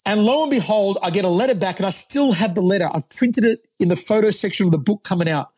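An Australian man in his forties, a fight commentator, telling animated stories as a guest on a podcast. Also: sits high, quick pace, breathy edge. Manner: animated storyteller, laughs often. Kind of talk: podcast interview storytelling.

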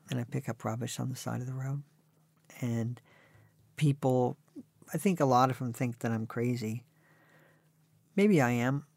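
A man's voice: mid-range voice, vocal fry, no echo. Man, sixties, interview guest, wry anecdotes, dry close sound. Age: 60s. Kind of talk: conversational storytelling.

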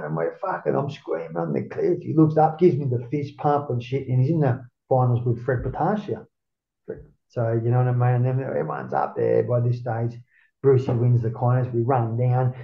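A man's voice: mid-range voice, gravelly. A middle-aged Australian man telling a rambling, profane story in casual chat and acting out what people said. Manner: rambling, profane, acts out quotes. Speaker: guest, former surfer. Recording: roomy, dull lo-fi sound.

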